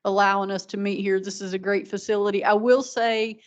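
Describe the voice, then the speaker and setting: Woman with a flat, even delivery. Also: mid-range voice, fairly quick. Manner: practical, with frequent ums and restarts. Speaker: meeting organizer. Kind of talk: running a public meeting. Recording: dull lo-fi meeting recording.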